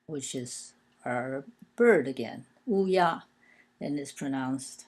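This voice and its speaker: A woman teaching a language lesson, explaining written characters one by one in a patient, hesitant way with frequent pauses and filler sounds. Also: deep voice, darkish tone.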